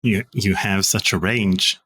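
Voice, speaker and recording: A man hosting an interview, setting up clips and questions in a slow, deliberate way. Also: deep voice, steady tone, bright, forceful tone, slightly rough. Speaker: host.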